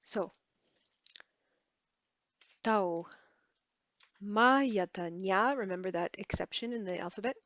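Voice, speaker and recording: A woman teaching a Tibetan lesson, halting and correcting herself as she spells words out syllable by syllable. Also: mid-range voice, fairly bright tone, no echo, muffled recording. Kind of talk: relaxed online language lesson.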